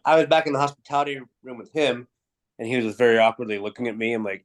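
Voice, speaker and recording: A man's voice: mid-range voice, rapid-fire. Guy telling wild backstage stories, does everyone's lines, cusses freely. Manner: animated anecdotes, acting out quoted dialogue, frequent swearing. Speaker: guest, music promoter. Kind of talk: casual storytelling interview.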